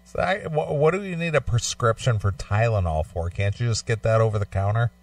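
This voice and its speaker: A man's voice: medium pitch, animated, brisk. A man co-hosting a radio show, making short, dry remarks in casual chat. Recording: distant from the mic.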